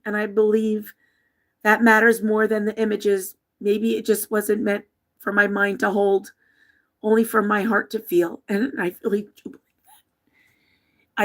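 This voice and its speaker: A woman with a slightly high voice and a gravelly, fry-laced edge. She hosts a casual livestream, softly reading out viewer comments and her own heartfelt letters. Her delivery is open and emotional. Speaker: livestream host.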